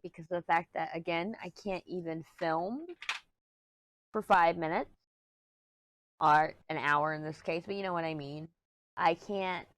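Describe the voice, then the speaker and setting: A woman vlogger chatting casually from a small room at home, rambling and sounding agitated as she vents. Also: fairly low pitch. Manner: rambling and agitated, venting frustration. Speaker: crafting vlogger.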